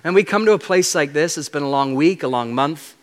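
A man preaching a sermon as a guest speaker, animated and playful as he unpacks Hebrew words. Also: fairly high pitch, a little fast. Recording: long reverb of a large hall.

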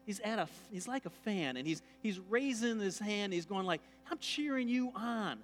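A man's voice: sits high, moderate pace, slight background noise. A man preaching a sermon in a church, conversational and jokey, acting out the voices of the people he quotes. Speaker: pastor. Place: church sanctuary.

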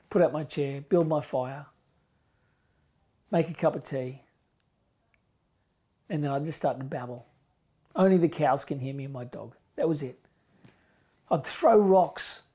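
A middle-aged pastor delivers an impassioned sermon, his voice on the high side. He swings between loud emphasis and hushed, almost whispered lines.

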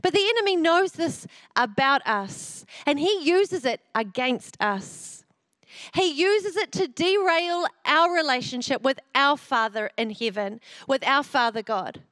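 A middle-aged woman with a high voice preaches a sermon, moving into lively storytelling about her family. The recording is close and dry, with no room sound. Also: unhurried, no room sound.

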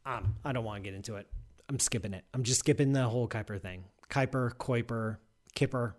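This science-show host speaks fast in a fairly low, somewhat mellow male voice. Live on air, he keeps things playful and casual, ranting with fake indignation and drifting into tangents.

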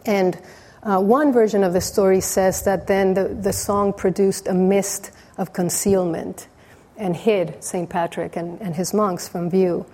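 A woman teacher giving a dharma talk, telling a story in a relaxed way with frequent restarts. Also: medium pitch.

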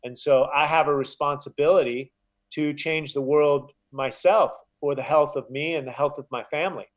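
A man's voice: a little high, fairly even intonation, normal speed. A man talking as a guest in a casual interview, earnest and a little preachy, often filling with "you know". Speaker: podcast guest, health coach.

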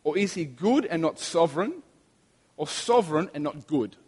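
Chatty pastor preaching in a reverberant hall. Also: male voice, a little high, lively intonation, normal speed, darkish tone, breathy edge. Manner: chatty and storytelling, with frequent restarts. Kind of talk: sermon with prayer. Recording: long reverb of a large hall.

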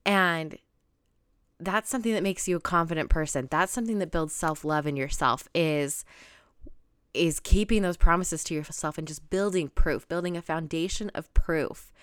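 Young woman, podcast host, bubbly solo chat, smooth voice, dry close sound. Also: sits low, normal speed, fairly bright tone, no echo. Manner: bubbly, gushing, laughs and gasps often.

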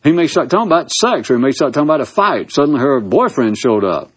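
A man's voice: mid-range voice, big pitch swings, fast, husky. A man in a casual philosophical monologue, theatrical and sarcastic, heard on a dull lo-fi recording. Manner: sarcastic, theatrical, swooping emphasis. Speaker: speaker giving a monologue.

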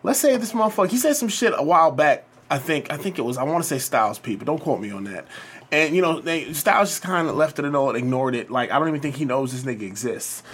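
A man's voice: mid-range voice, expressive, quick pace, fairly bright tone, breathy edge. Profane ranting man, heated and blunt. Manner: heated ranting, heavy cursing. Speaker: podcast co-host. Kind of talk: casual profane chat.

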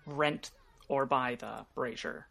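A woman's voice: rumbling low, slow pace, creaky, fairly bright tone, breathy edge. A woman narrating a tabletop game as game master, talking casually with many fillers.

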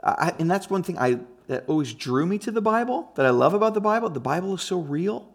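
A man's voice: high-pitched, lively intonation, fairly quick. A man preaching a conversational teaching sermon, emphatic and often checking in with his listeners. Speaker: pastor.

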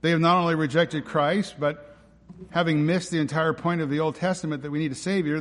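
A male pastor preaches with emphatic force, stacking rhetorical questions and repeated lines. His voice sits a little high for a man. It rings out with the long reverb of a large church hall. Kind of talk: sermon.

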